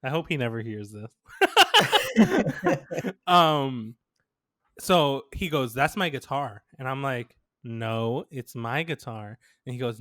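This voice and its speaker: A man's voice: medium pitch, slow, long pauses, no echo, clean studio sound. A young man co-hosting a podcast, chatting casually and telling a story with lots of laughter and quoted dialogue. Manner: animated storyteller, laughs often, quotes people. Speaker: podcast co-host. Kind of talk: casual chat.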